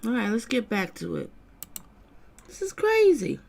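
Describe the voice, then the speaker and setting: A woman with a high voice that swoops widely from low grumbles to sharp squeals. She talks casually and with exasperation, aims her remarks at the screen, and reads out comments from her viewers. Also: huge pitch swings, unhurried, creaky. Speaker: channel host reacting to trial footage.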